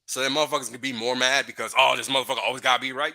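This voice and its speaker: A man's voice: medium pitch, steady tone, racing, pushed and bright. A man hosting a livestream, ranting profanely and heatedly with frequent laughs. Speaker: podcast host.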